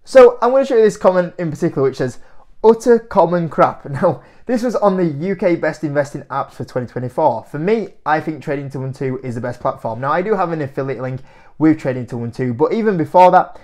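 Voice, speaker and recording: Animated young man on camera. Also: a little high, quick pace. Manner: animated, incredulous, laughs often. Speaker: investing YouTuber. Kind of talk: casual to-camera commentary.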